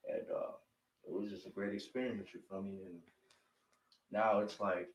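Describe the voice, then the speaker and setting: A man's voice: fairly low pitch, steady tone, moderate pace, reverberant, dull audio. A young man talking casually as a guest in an interview, laid-back and peppering his talk with "you feel me". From northern Illinois. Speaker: guest rapper.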